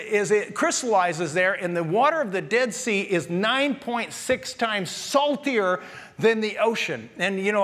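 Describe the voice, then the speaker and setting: A man with a high, light voice gives an animated, conversational sermon, joking and talking straight to his congregation. His voice rings through a church hall with a long tail of reverb. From Canada. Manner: animated, conversational preaching with jokes and asides to the congregation. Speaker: pastor. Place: church sanctuary.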